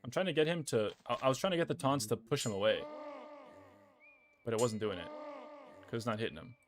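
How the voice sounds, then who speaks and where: A man's voice: medium pitch, fairly quick, background noise. A young man streaming a game, rambling casually, swearing at the game and chatting with his viewers. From Australia. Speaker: gaming streamer. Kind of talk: casual gameplay chat.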